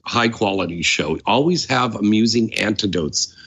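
A man's voice: fairly low pitch, animated, normal speed, gravelly, a bit bright, breathy edge. A man hosting a casual talk show, brash and swearing freely as he chats with his guest. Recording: dull lo-fi audio.

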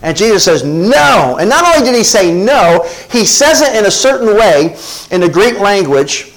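A man delivers a sermon in a slightly high voice. He preaches with call-and-response asides to his congregation. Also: sing-song, normal speed, low-quality recording. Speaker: pastor.

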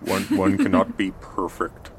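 A man voicing a companion robot who speaks haltingly and stammers over his words. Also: deep voice, monotone, a little hiss or hum. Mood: puzzled. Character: robot built to talk and keep company, halting and questioning.

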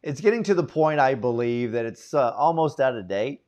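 A man hosting an interview, speaking in a relaxed way and pausing on uhs. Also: mid-range voice. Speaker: host. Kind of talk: interview chat.

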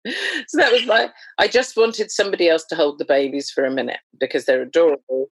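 A woman, a doula, chatting as a podcast guest in a lively, humorous storytelling way. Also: deep voice, fairly quick, slightly rough, dry recording. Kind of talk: conversational storytelling.

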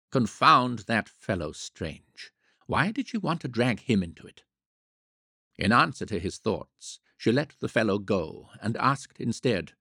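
Gravelly, husky male narrator, very slow. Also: lowish voice, very animated, bright, forceful tone, no room sound, studio quality. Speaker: audiobook narrator. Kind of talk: scripted narration.

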